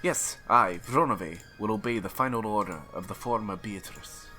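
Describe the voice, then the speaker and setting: A man's voice: fairly low pitch, normal speed, bright, forceful tone, soft background music. A man voicing a polite, formal demon butler while reading aloud. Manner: courteous, formal.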